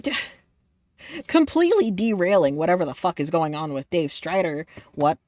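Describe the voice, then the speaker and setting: A woman's voice: fairly low pitch, sing-song, moderate pace, a little mellow, no room sound, muffled recording. A young adult woman streaming a game live, reading its text aloud in a profane, playful way.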